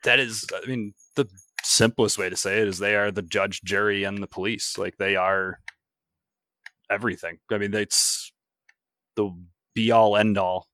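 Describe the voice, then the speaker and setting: Laid-back man, lowish dry voice. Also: steady tone, unhurried, pushed and bright, no echo. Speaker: podcast guest. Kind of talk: casual podcast chat.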